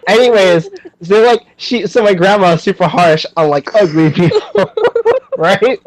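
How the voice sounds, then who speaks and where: A man's voice: high-pitched, big pitch swings, a little slow, rough recording. A young man hosting a podcast, chatting casually and animatedly, with lots of fillers and frequent laughter. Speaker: podcast host.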